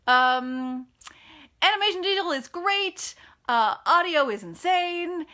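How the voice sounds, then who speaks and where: Bright-voiced chatty American woman. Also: very high voice, lively intonation, slow. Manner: chatty, frank and self-deprecating, with frequent fillers. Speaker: author answering reader questions. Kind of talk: casual live Q&A chat. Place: at home in California.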